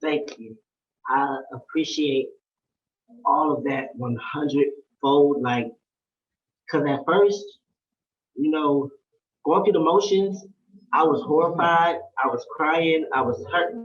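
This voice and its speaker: A man telling his own hard story in an earnest, repetitive way, with a fairly high voice for a man. He sounds set back from the mic in an echoey room, and the sound is dull. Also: slow, long pauses. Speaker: storyteller sharing a personal story. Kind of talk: emotional personal testimony. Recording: roomy, distant, dull-sounding.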